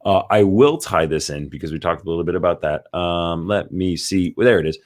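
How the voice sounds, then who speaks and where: A man's voice: sits low, a little fast. A man co-hosting a podcast, chatting casually about movie news and reading out articles with lots of fillers. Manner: rambling, reads out news articles with many fillers. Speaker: podcast co-host.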